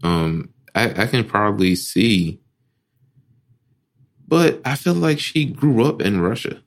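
Man, very low voice, animated pitch, podcast co-host, hesitant, casual swearing. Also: slow pace, gravelly. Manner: hesitant, many ums and restarts, swears casually. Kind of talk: casual movie review chat.

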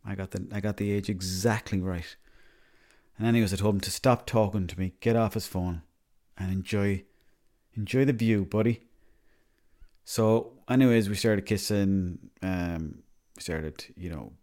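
An Irish man with a lowish voice tells a long comic story in a flat, matter-of-fact way. He rambles, trips over his own phrases and circles back to correct himself, never breaking from his deadpan delivery. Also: moderate pace. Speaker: comedy character monologue.

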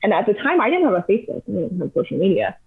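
A young woman in her twenties, a podcast guest, telling travel stories in a chatty, animated way with lots of "like". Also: medium pitch, very fast, gravelly, husky. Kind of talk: casual storytelling. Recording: tinny phone-like line.

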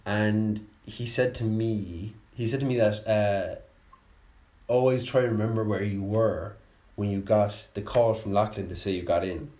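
A man's voice: fairly low pitch, steady tone, unhurried, warm tone, reverberant. A man hosting a casual chat, talking in rambling, filler-heavy bursts. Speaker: podcast host.

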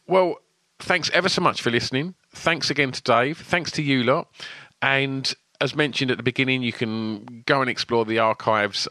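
A man's voice: fairly low pitch, sharp tone, no room sound. A man hosting a podcast, chatty and enthusiastic as he signs off. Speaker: podcast host. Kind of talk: casual interview and outro.

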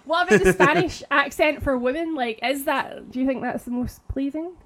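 A young woman with a Scottish accent and a high voice, talking casually on a podcast. She is blunt and teasing, and she laughs a lot. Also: normal speed, crowd noise. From Scotland. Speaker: podcast co-host. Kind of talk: casual chat.

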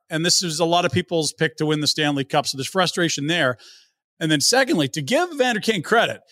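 A man's voice: a little high, a bit bright, no echo, studio quality. A man hosting a casual sports podcast, laying out stats and context in an analytical way. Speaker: podcast host.

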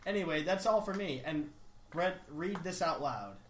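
A man's voice: on the high side, animated, moderate pace. Young man reading listener mail aloud. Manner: reads emails aloud with wry asides. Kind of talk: casual chat. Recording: echoey room with faint hiss.

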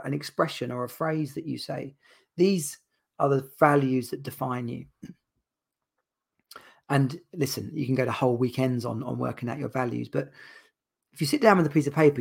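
A man's voice: mid-range voice, creaky. A man hosting a podcast, talking casually and rambling with many restarts and repeated words. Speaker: podcast host and dads' coach. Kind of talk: casual solo podcast talk.

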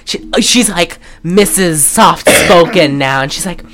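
A woman co-hosting a podcast, recapping a movie in casual chat, animated and profane, with lots of fillers and laughter. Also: fairly low pitch, slow, hardly any pauses. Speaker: podcast co-host.

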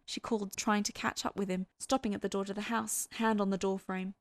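A woman reads a story aloud at a measured pace, with her voice at a middle pitch. The sound is dry and close, with no room echo. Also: level tone, gravelly. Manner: measured storytelling, voicing characters. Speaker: fan fiction reader. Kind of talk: audiobook-style story narration.

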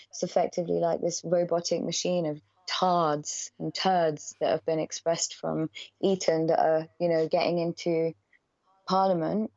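A woman's voice: on the low side, darkish tone, no room sound. A woman talking as a podcast guest, blunt and swearing freely, often laughing. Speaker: podcast guest, charity worker. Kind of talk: casual podcast conversation. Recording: slightly dull podcast audio.

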